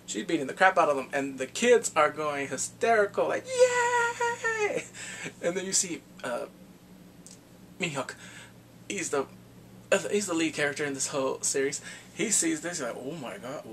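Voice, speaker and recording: Guy retelling a show, gravelly, a bit high, laughs a lot and acts stuff out. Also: normal speed, slight background noise. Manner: animated, laughs often, acts out scenes. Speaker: drama reviewer. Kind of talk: casual plot recap.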